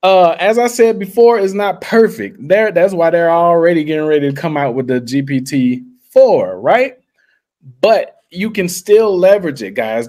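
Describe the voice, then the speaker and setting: This livestream host demos his method via screen share with hyped, slangy pitchman chatter, speaking directly to viewers and repeatedly saying "guys". His voice sits a little high with a darkish tone.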